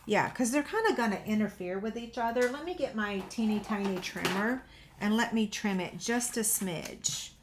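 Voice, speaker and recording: Heavy background noise surrounds a paper-craft host as she chats with her viewers during a casual tutorial. She has a medium-pitched voice at a moderate pace, teases herself as she works, and has a slightly runny nose.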